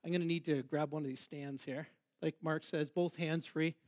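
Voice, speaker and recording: A man's voice: fairly high pitch, steady tone, normal speed, a little mellow. A man preaching a sermon as pastor in a church, joking and laughing with the congregation. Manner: jokey, playful, laughs with the congregation.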